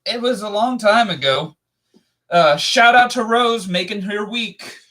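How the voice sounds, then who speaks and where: Man, live-stream co-host, playful and joking, fairly high voice, casual chat. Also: measured pace, pushed and bright.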